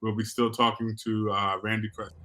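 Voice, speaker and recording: A man's voice: fairly low pitch, level tone, a little fast, sharp tone. A man hosting a talk show, affirming his guest and moving the show along. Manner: affirming, keeps saying right.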